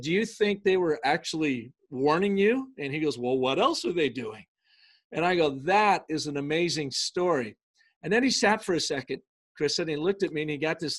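A man with a slightly higher voice tells a story with lively, emphatic energy. He speeds up and slows down for stress, acting out the voices in his anecdote in a relaxed interview chat. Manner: energetic and emphatic, shifting between quick bursts and slow stresses; acts out quoted speech in dialogue. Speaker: business storytelling consultant, guest. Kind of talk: conversational interview, telling an anecdote.

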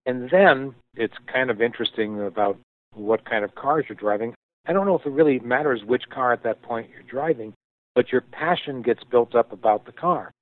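A man being interviewed, telling a story with thoughtful pauses and frequent restarts as he explains things. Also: medium pitch, lively intonation, dry recording. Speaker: guest, company founder. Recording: tinny phone-like line, dry.

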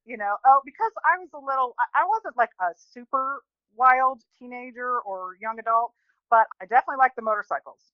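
A woman in her forties, a guest telling a personal story in an animated, chatty way, often restarting and quoting people. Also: a little high, fairly quick, clean tone, no room sound, muffled recording. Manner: chatty, animated, many restarts and quoted voices.

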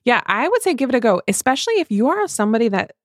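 A woman chatting casually about a book she reviews, animated and laughing often. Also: fairly high pitch, racing, no echo, studio quality. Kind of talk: casual chat.

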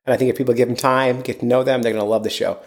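A man's voice: mid-range voice, steady tone, racing. A man hosting a casual podcast, rambling and upbeat with lots of fillers. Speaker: podcast host.

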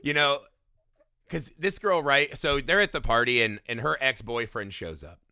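A man in casual chat about a movie, animated, swearing freely and acting out quotes with laughs. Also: medium pitch, normal speed, no echo, clean studio sound. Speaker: movie podcast co-host.

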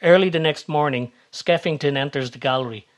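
A man's voice: a little high, fairly quick. Man reading a story. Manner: steady, even-toned reading. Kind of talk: scripted story narration.

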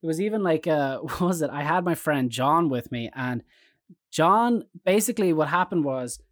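An Irish man telling rambling anecdotes in casual chat, jumping into animated quoted voices. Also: a little high, normal speed, no echo, studio quality. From Ireland.

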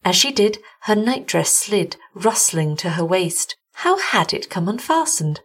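A woman hosting a story show, reading a gothic tale aloud in a measured, deliberate narration. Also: mid-range voice, big pitch swings, slightly rough. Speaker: host and story reader.

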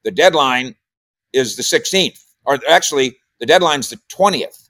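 A man's voice: mid-range voice, normal speed, no echo. Casual sports talker, man, mid-range voice, close dry mic, stumbles and restarts. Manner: rambling, repeats words, animated when quoting. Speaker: sports columnist and podcaster. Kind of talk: casual radio chat.

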